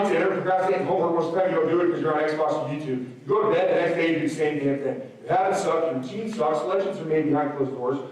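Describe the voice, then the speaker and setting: A man's voice: on the high side, darkish tone. A man in his thirties giving a motivational speech to a school assembly, punchy and direct, firing rhetorical questions at the students. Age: 30s. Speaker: motivational speaker. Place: large school gym or auditorium. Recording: very echoey hall, voice from far off.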